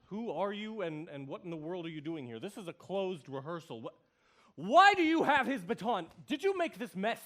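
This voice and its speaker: An actor playing a fussy, uptight young musician in a stage musical, huffing indignantly and scolding. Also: male voice, fairly high pitch, moderate pace, darkish tone, natural voice. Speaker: conductor's assistant. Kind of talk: musical theater stage dialogue.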